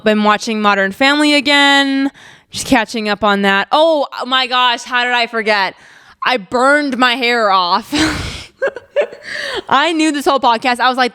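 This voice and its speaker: Young woman, podcast host, casual chatty delivery, smooth clear voice, middle pitch. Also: bright, forceful tone. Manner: chatty, upbeat, lots of "like" and "um", laughs while telling stories. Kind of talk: casual faith-based podcast chat.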